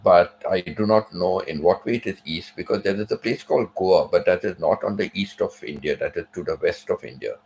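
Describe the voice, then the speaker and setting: A man's voice: low-pitched, fairly quick, vocal fry, few pauses, darkish tone, slight background noise, low-quality recording. A man hosting a channel, talking casually in a rambling way, with many asides and "you know" fillers. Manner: rambling, digressive, frequent "you know" and "right?". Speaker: channel host. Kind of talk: casual monologue.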